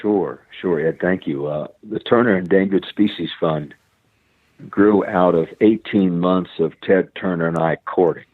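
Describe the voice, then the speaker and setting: A man's voice: deep voice, measured pace, no room sound. A middle-aged American man telling a long story as an interview guest, often repeating his words. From United States. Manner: repeats words often, acts out quoted voices. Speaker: guest, conservation biologist. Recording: phone-like narrow band, dry.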